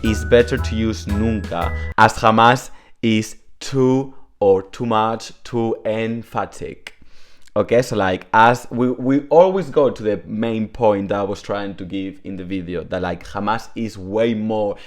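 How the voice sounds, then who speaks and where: Rambling low-voiced man. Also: unhurried, soft background music. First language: Spanish. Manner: chatty, rambling, self-deprecating, filler-heavy. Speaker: Spanish teacher. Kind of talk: casual video lesson.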